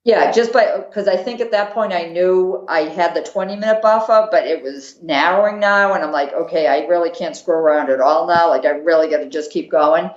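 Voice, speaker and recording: A woman with a Boston accent, a podcast guest telling a lively story and acting out her own thoughts. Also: lowish voice, brisk, hardly any pauses. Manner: animated, acts out her own inner thoughts. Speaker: podcast guest, marathon runner. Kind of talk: casual storytelling. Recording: roomy, dull lo-fi sound.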